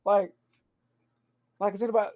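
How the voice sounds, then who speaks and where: A man's voice: sits high, little pitch movement, normal speed, darkish tone. A man co-hosting a podcast, chatting casually with slang, rambling and laughing often. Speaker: podcast co-host.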